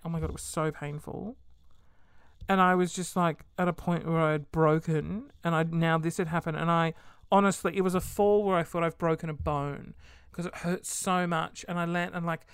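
Brief: young woman vlogger, lowish voice, dry close sound, lively, laughs through the story. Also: clear, resonant tone, no echo. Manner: animated, laughing, swearing freely. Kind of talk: casual storytime.

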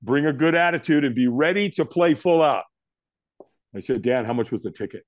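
A man's voice: mid-range voice, a little fast, dry recording, studio quality. A middle-aged man telling a personal story in an interview, acting out the lines of the people in it. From United States. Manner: animated storyteller, acts out quotes. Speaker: guest.

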